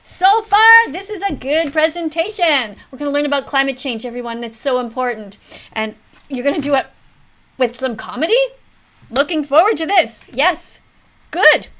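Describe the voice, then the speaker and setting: A woman in her fifties hosting a mock classroom, commenting on a video in an animated schoolteacher tone. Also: high voice, normal speed. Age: 50s. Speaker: teacher hosting a reaction video.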